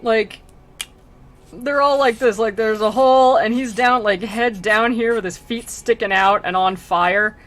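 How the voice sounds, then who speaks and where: A woman's voice: on the high side, fairly even intonation, normal speed, hardly any pauses, a bit bright. Chatty woman reading and riffing aloud. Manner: chatty, paraphrases in modern slang, laughs often. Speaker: streamer. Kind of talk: casual read-aloud with commentary.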